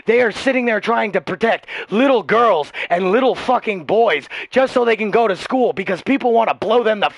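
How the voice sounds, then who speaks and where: High, gravelly ranting male gamer. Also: dry recording. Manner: ranting, profane, shouting. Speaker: gaming streamer, military veteran. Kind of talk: heated voice-chat argument while gaming.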